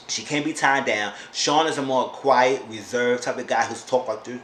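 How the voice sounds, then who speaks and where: A man's voice: medium pitch, moderate pace. Chatty man recapping in an echoey room. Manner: animated, talks back to the characters. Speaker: YouTube reality-TV reviewer. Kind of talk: casual chat recap. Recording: roomy echo, faint background noise.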